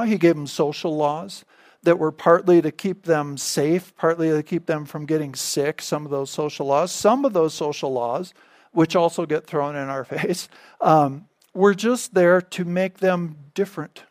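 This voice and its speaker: A man's voice: a little high, measured pace, a little mellow, no echo. A man preaching as a pastor, teaching in an emphatic way, repeating key phrases and checking in with the listeners. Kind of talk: sermon teaching.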